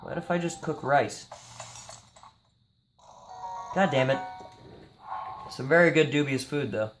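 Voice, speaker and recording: A sleepy young man talks his way through a video game in slow, drawn-out commentary, joking and swearing as he goes. His voice sits at an ordinary middle pitch. Faint game music plays behind him. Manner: tired, rambling, jokey and profane. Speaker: gameplay streamer. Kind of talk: casual gameplay commentary.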